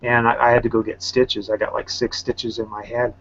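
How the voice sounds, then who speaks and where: A man's voice: medium pitch, flat delivery, fairly quick, fairly bright tone, husky. A man who teaches, chatting casually on an online call and telling loose, rambling stories full of fillers. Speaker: teacher and round table panelist. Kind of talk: casual chat. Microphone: video call. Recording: slightly muffled online call audio.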